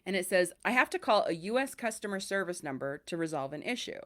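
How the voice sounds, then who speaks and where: Speaking fast in a fairly low voice, a woman hosting a podcast shares stories in relaxed conversation. She brings them to life with animation, performing the voices of anyone she quotes.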